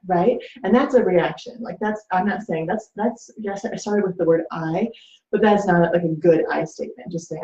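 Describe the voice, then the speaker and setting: A woman giving casual advice in a low, mellow voice, chatty and loose, with lots of fillers and little acted quotes. The sound is dull and lo-fi and rings around an echoey room. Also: steady tone, normal speed. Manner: chatty, many fillers, acts out quoted lines. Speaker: host.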